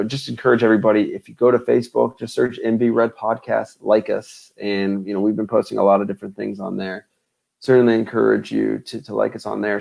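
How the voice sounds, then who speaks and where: A man's voice: on the low side, vocal fry, a little mellow. A man co-hosting a podcast, closing the episode in a laid-back, rambling way. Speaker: podcast co-host. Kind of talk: podcast sign-off.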